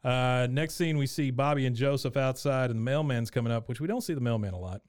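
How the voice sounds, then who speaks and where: Animated man retelling scenes in voices. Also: mid-range voice, quick pace, smooth, dry recording, clean studio sound. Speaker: podcast co-host. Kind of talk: casual recap chat.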